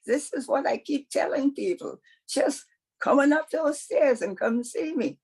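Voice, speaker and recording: A woman's voice: high voice, animated, a little slow, darkish tone, voice pushed up, rough recording. Woman playing a folksy, firm Lord. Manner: folksy, matter-of-fact. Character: easygoing, firm male Lord figure.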